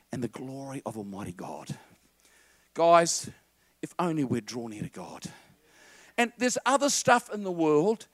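A man preaching a lively sermon to a congregation, quoting film lines and getting the crowd to repeat after him. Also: high-pitched, no room sound. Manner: animated, quotes film lines and calls on the congregation.

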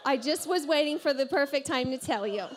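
A woman pastor preaching to a congregation, telling a personal story in an animated, self-deprecating way and laughing often. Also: sits high, fairly quick, a faint crowd. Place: church service before a congregation.

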